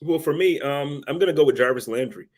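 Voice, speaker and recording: A man speaking as a guest on a sports podcast, relaxed and casual, hesitating as he forms his opinions. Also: on the high side, brisk. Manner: relaxed, hesitant restarts while forming opinions.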